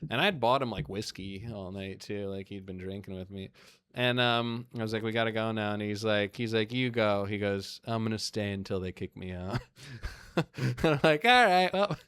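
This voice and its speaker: A man's voice: fairly low pitch, moderate pace, clear, resonant tone. A man in his thirties, a comedian on a podcast, telling stories casually and acting out the people in them. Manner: animated, acts out quoted voices in anecdotes. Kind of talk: casual storytelling.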